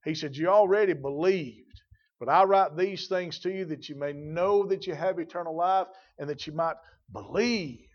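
Male preacher, fairly high voice, emphatic sermon delivery with slow stressed readings, muffled lo-fi sound. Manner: emphatic preaching, slows to stress scripture, repeats phrases.

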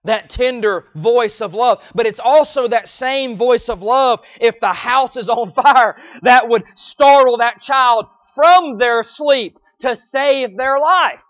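A man preaching a sermon, repeating phrases and swinging between loud pleading cries and low, quiet lines. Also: slow pace, hardly any pauses, no room sound, highs cut off.

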